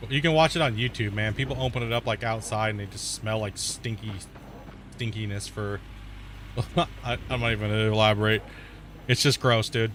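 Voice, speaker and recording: A man's voice: on the low side, normal speed, fairly bright tone, slight background noise. Laid-back man chatting over a game. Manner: laid-back slangy chatter, says dude and bro. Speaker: gaming streamer. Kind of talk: casual let's-play commentary.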